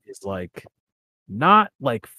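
A man's voice: mid-range voice, big pitch swings, very slow, pushed and bright, no echo, clean studio sound. A young man in casual chat, laid-back and slangy, leaning on filler words.

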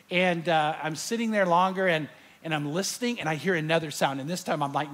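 A male pastor with a high-pitched voice tells a story to a large audience. He is animated and acts out his own fright before turning to scripture. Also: fairly quick. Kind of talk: sermon with storytelling.

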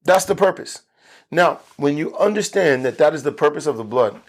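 Earnest man preaching a Bible study. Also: on the high side. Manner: earnest, emphatic, repeats key phrases for stress. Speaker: pastor teaching Bible study. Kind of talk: Bible study sermon recorded for video.

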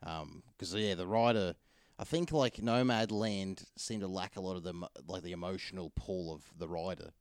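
Man, low smooth voice, casual rambling film chat, hesitant, dry close recording. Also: normal speed, no room sound. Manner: rambling, hesitant, many fillers and restarts. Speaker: film reviewer.

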